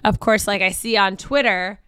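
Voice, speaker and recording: A woman co-hosting a podcast, chatting casually in a lively way. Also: mid-range voice, normal speed, smooth, no echo, clean studio sound. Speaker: podcast co-host. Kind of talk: casual chat.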